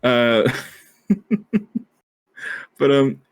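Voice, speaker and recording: A man's voice: medium pitch, little pitch movement, very slow, creaky, clean tone. Rambling, giggly man chatting on a podcast. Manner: rambling, filler-heavy, laughs often. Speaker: podcast co-host. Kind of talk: casual podcast chat.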